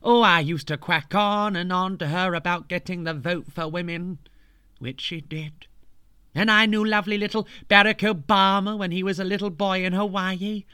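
A man's voice: high-pitched, fairly even intonation, moderate pace, bright, forceful tone, smooth, no room sound, clean studio sound. A man narrating a storybook tale in a camp, playful, mock-grand way, full of cheeky asides.

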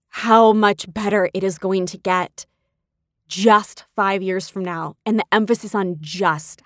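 With a medium-pitched voice and clean, echo-free studio sound, a podcast host from California recounts personal stories. She's chatty and emotional, and she laughs a lot.

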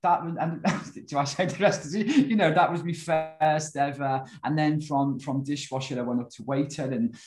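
A man in his forties with a Liverpool accent, a guest telling his life story in a casual, animated way and often saying "you know". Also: fairly high pitch, moderate pace, few pauses, low-quality recording. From Liverpool, England.

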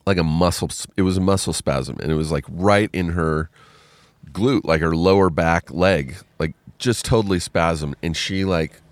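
Deep, clear-voiced man; casual, filler-heavy storyteller, dry close sound. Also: moderate pace, no room sound. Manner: rambling, filler-heavy retelling with many "like"s.

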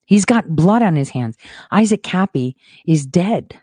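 Woman, host, ranting monologue, frustrated, swears freely, fairly low voice, dry close sound. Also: lively intonation, measured pace, breathy edge, no echo. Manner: swings between hushed mutters and loud boasting.

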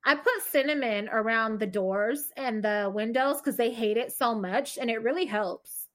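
A woman's voice: a little high, moderate pace, fairly bright tone. A woman, podcast co-host, tells a personal story in casual chat, candid and profane.

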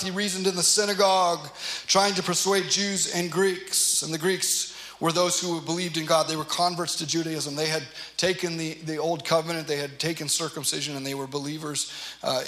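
Earnest, high-voiced man teaching scripture. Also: bright, forceful tone, roomy sound, poor audio. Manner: earnest, emphatic, with conversational asides. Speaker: pastor teaching a Bible study. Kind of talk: expository Bible teaching.

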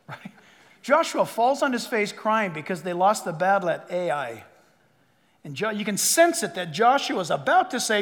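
Pastor guy preaching, real high voice, echoey big hall, acts out the back and forth. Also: a little slow. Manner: animated, acts out quoted dialogue in different voices. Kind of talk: sermon.

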